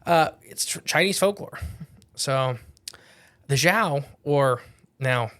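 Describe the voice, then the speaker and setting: A man's voice: medium pitch, lively intonation, slow pace, fairly bright tone. Rambling male podcast co-host. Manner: rambling, self-correcting, jokey. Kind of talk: casual podcast chat.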